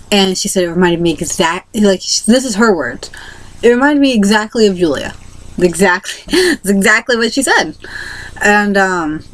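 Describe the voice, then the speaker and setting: A woman's voice: mid-range voice, low-quality recording. A young woman vlogger telling a personal story casually to camera, rambling with many fillers and restarts.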